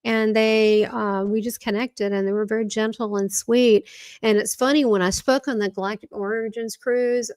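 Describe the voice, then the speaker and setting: A woman's voice: fairly high pitch, moderate pace, no echo. Rambling Southern woman, dry sound. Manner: rambling, excitable storytelling. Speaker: guest, spiritual medium. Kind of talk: casual interview talk.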